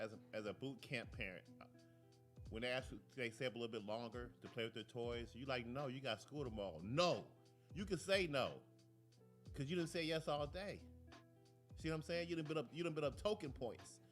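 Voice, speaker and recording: A man hosting a talk show, ranting and telling stories in a casual, profane, digressive way from a studio. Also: medium pitch. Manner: animated, profane, digressive storytelling. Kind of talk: casual rant and commentary.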